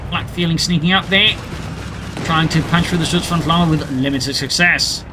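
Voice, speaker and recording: A man giving brisk play-by-play commentary on a video game match, with dry jokey asides. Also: fairly high pitch, background noise.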